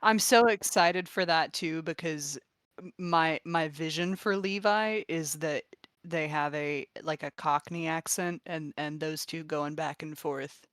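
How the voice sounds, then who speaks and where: A woman with a slightly low voice chats with her tabletop group, eager and quick to laugh. The sound is close and dry, with no room around it. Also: fairly bright tone, dry recording. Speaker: player. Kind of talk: casual chat.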